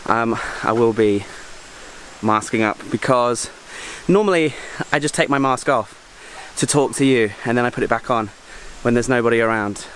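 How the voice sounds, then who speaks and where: A man filming a casual travel vlog outdoors, chatty and excitable, making joking asides to the camera while walking through a jungle park. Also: mid-range voice, normal speed, slight background noise. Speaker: travel vlogger.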